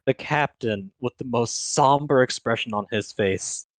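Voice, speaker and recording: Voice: medium pitch, measured pace, dry recording. A game master narrating a tabletop role-play stream in a casual, profane way, with frequent restarts. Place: home streaming setup.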